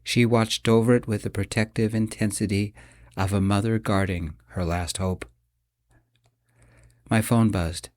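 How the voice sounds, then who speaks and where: A man narrating a romance audiobook in the first person, with steady, measured storytelling. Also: on the low side, dry recording, studio quality.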